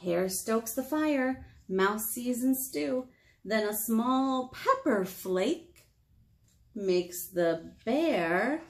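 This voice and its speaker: A woman librarian reads a picture book to small children in a gentle, encouraging storytime voice. Her pitch is high-ish and very lively, and she takes her time. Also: drawn-out words. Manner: gentle, encouraging, sing-song. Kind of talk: storytime read-aloud for children.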